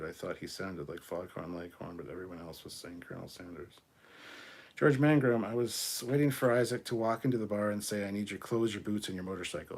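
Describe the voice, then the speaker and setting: A man with a low, husky, slightly rough voice hosts a casual livestream chat as a podcast host reading viewer comments. He replies bluntly and argumentatively, swearing freely as he goes.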